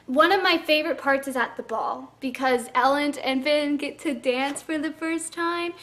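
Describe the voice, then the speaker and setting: A woman's voice: high voice, normal speed, a bit bright. A woman reviewing a book in a casual vlog, gushing and chatty with lots of "like" fillers.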